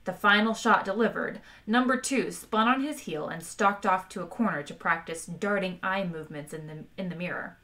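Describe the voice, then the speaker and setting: Bright-toned woman streamer reading a novel aloud. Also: medium pitch, moderate pace, few pauses. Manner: wry, chats with viewers between passages. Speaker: audiobook reader streaming live. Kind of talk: live-streamed book reading.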